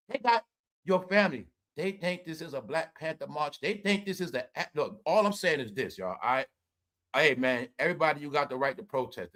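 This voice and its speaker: A man's voice: fairly high pitch, bright, forceful tone. A man hosting a podcast livestream, ranting in casual commentary, profane and mocking, laughing often. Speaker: podcast host.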